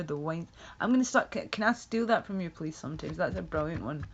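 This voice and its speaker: A woman's voice: on the low side, lively intonation, normal speed, few pauses, muffled recording. A woman hosting a livestream, chatting in a rambling, blunt way with swearing and frequent laughs. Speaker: livestream host. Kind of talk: casual ranting chat.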